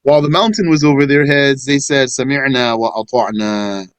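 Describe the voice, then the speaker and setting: A man's voice: fairly high pitch, dry recording, low-quality recording. Man reciting verses and explaining them. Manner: measured, explanatory teaching. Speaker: religious teacher. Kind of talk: scripture lesson.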